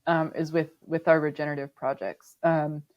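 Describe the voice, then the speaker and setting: Low-voiced woman, halting and thoughtful. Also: flat delivery, highs cut off. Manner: thoughtful, many ums and restarts. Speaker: sustainability manager, podcast guest. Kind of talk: conversational interview.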